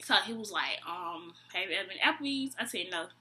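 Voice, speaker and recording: A woman's voice: mid-range voice, fast talker, slight background noise. A young woman vlogger telling a storytime tale in a slangy, exasperated way, acting out both sides of the conversation. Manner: animated, acts out both sides of the dialogue. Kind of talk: storytime vlog.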